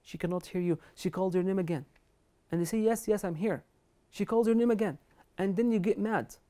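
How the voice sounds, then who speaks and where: Talking fast in a mellow, medium-pitched voice, an earnest woman lectures on honoring parents from an Islamic perspective. Her delivery is emphatic, drawing on Arabic scripture and the words of scholars.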